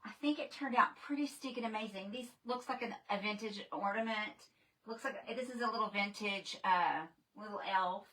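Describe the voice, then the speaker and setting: A woman's voice: mid-range voice, normal speed, sharp tone. A woman chatting casually on a livestream, greeting viewers by name. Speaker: livestream host. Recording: distant from the mic, faint noise.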